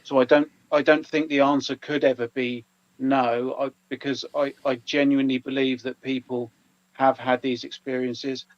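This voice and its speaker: A man co-hosting a live podcast, thinking aloud with frequent ums and restarts. His voice sits at an average pitch. The audio is muffled and lo-fi. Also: flat delivery, moderate pace. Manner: hesitant, many ums and stammered restarts. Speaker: podcast co-host. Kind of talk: casual live podcast chat.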